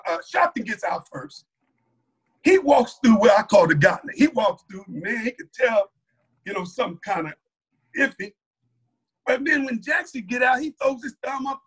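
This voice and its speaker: A man, a mosque captain, giving a personal testimony as a lively, colloquial story, acting out what others said. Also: very high voice, breathy edge. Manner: animated, colloquial, acts out other people's lines.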